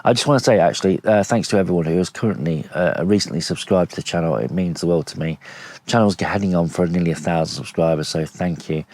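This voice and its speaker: A man's voice: low voice, fast, a little mellow, no echo. A tired man rambling easily to camera from inside his tent at a campsite, talking with lots of fillers. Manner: rambling, easygoing, many fillers. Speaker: camping vlogger. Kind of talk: casual vlog chat to camera. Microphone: action camera.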